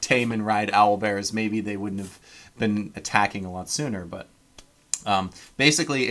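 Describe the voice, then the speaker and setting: A man's voice: on the low side, fairly bright tone. A man from Canada running a tabletop game as game master, rambling with lots of ums. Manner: rambling, many ums, laughs at own jokes.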